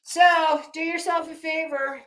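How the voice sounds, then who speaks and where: A woman's voice: very high voice, steady tone, a little slow, a bit bright, echoey room, a little hiss or hum. A woman hosting a casual live chat, rambling and effusive, often cutting herself off mid-sentence. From Florida. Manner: rambling, self-interrupting, effusive. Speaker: commentary channel host.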